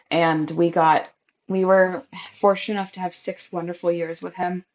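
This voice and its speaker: A young adult woman hosting a candid, emotional catch-up podcast, talking over a crackly built-in mic. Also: fairly low pitch. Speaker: podcast host. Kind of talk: personal catch-up podcast monologue.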